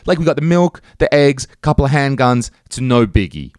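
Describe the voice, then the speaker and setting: A man telling a comic story on his own podcast, profane and animated, jumping into high-pitched exclamations. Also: normal speed, hardly any pauses, dry recording, clean studio sound. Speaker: podcast host. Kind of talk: solo comedic storytelling.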